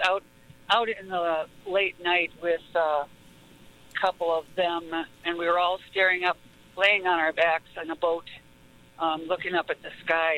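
A woman's voice: on the low side, highs cut off. A woman from Wisconsin calling into a radio show, telling a story in a chatty, hesitant way and laughing at it. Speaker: caller.

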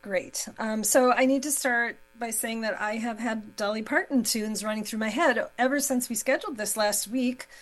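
A woman's voice: on the high side, normal speed, hardly any pauses, poor audio. A woman moderating a local radio interview show, friendly and chatty, now and then tripping over her words.

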